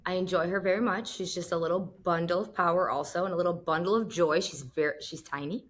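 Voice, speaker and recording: A woman's voice: fairly low pitch, fairly even intonation, fast. A woman co-hosting a sports podcast in casual chat, enthusiastic and playful as she gushes. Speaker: podcast co-host.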